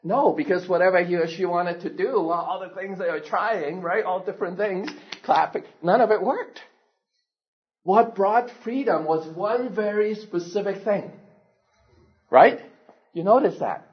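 Laughing, animated male pastor. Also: sits high, a little slow. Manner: animated, laughs often, asks the audience questions. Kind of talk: sermon storytelling. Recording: dull lo-fi recording.

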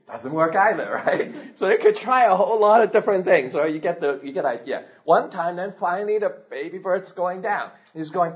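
Speaking at normal speed in a high-pitched voice, a male pastor recounts a story in his sermon, full of animation, frequent laughter and questions aimed at the congregation. The recording is dull and lo-fi.

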